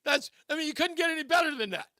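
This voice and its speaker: A man's voice: very high-pitched, expressive, quick pace, pushed and bright, dry recording, clean studio sound. A male radio talk show host on a political call-in show, emphatic and repeating phrases for effect. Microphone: studio microphone.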